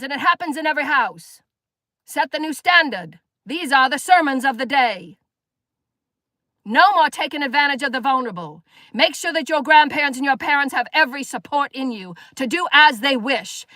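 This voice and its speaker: A woman's voice: high voice, animated, moderate pace, pushed and bright, no echo, studio quality. A woman giving a live spiritual sermon, preaching emphatically and firing rhetorical questions at her listeners. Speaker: spiritual teacher.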